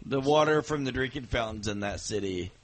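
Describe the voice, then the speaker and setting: A man's voice: mid-range voice, expressive, moderate pace. A man co-hosting a casual podcast, cracking crude jokes with mumbled asides. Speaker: podcast co-host.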